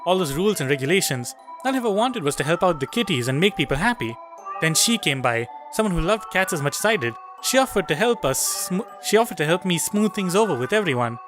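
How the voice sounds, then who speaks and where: A man reading the lines of a kindly cat cafe owner who explains things earnestly and softly. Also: high voice, sing-song, quick pace, music in the background.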